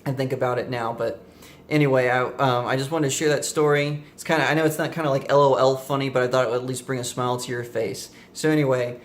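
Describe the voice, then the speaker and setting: A man's voice: medium pitch, flat delivery, quick pace. A young man vlogging, telling a casual story to the camera in a rambling way with many fillers and self-corrections.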